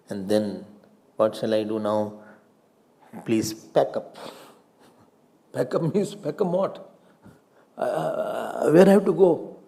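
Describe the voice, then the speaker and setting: A man's voice: mid-range voice, slow pace, vocal fry, long pauses, warm tone. An Indian man giving a spiritual sermon, pressing his listeners with rhetorical questions, slipping into Hindi and often laughing. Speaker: spiritual teacher.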